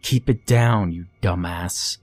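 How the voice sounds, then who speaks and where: Man putting on a snarling, mocking boy, husky and goading; horror story reading. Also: low voice, slow pace, a little mellow.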